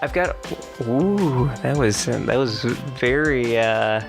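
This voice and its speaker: A young adult man co-hosting a podcast, chatting casually and telling animated stories with frequent laughs. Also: mid-range voice, takes it slowly, creaky, music in the background. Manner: animated storyteller, laughs often. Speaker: podcast co-host. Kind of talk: casual chat.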